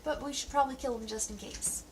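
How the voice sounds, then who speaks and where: A woman with a fairly high voice talks through a TV episode in a loose, sarcastic, chatty way. She is recording at home, sitting a little back from the mic, with a faint hum of background noise. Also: fairly even intonation, fast talker, far from the mic, rough recording. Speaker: TV show reviewer. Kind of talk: casual spoken review.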